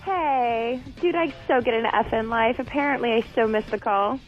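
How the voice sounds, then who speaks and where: Female phone-in guest, playful Betty Boop-ish delivery, a bit raspy, muffled phone sound. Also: on the high side, moderate pace, soft background music. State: slightly raspy from drinking. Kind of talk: casual radio chat. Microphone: phone line. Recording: dull phone line.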